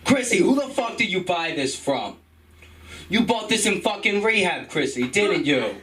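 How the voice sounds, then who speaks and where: A man putting on a loud, aggressive middle-aged mob boss, blustering insults during stand-up. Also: high voice, very animated, moderate pace, distant mic, pitched above the performer's own voice. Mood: angry.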